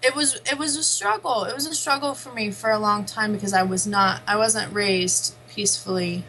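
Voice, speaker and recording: A woman's voice: medium pitch, normal speed, poor audio. A woman guest and parent talking candidly in a conversation, often breaking into small laughs. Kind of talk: personal storytelling in conversation.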